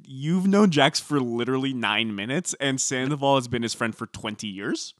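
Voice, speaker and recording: A man of middling pitch, recorded close and dry with no room sound. He walks through the episode in a relaxed, wry recap, dropping "uh"s as he goes. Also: normal speed, no room sound. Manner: relaxed, wry storytelling with fillers. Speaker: podcast co-host. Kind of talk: casual reality TV recap chat.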